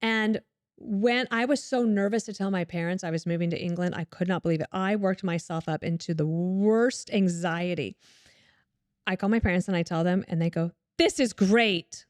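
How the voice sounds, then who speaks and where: Animated woman telling stories in a dry studio. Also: lowish voice, normal speed, no echo. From Colorado, USA. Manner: animated storyteller who acts out quoted voices. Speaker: guest. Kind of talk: candid storytelling interview.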